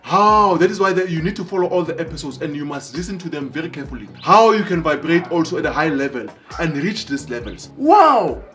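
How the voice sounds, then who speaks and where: High-voiced animated man. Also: a little fast, few pauses. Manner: animated, bursts into excited exclamations. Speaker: motivational speaker. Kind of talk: motivational storytelling.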